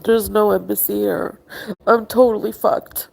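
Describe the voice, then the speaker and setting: A woman with a medium-pitched, creaky, slightly mellow voice speaks a little slowly in a steady tone. She's livestreaming indoors abroad, distressed, pleading and making accusations during an emotional argument, at times near tears.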